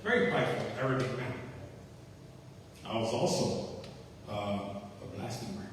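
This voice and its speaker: A man gives an earnest personal testimony in a church meeting hall, repeating key phrases and acting out remembered conversations. His mid-pitched voice sounds distant from the microphone, with strong echo and a long reverb tail. A faint hiss sits underneath. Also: sing-song, a little slow. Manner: earnest, repeats phrases, acts out quoted dialogue. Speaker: testimony speaker at a faith-based recovery meeting.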